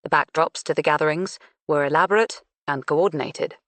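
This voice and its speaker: A woman narrating an audiobook in a measured, unhurried reading. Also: sits low, a bit bright, no room sound. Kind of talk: scripted narration.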